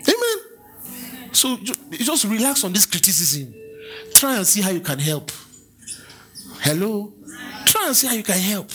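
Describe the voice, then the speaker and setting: A man's voice: high voice, sing-song, measured pace, pauses often, pushed and bright, soft background music. A Nigerian man preaching in a church, swinging between conversational asides and chanted King James scripture. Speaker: pastor. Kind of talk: sermon.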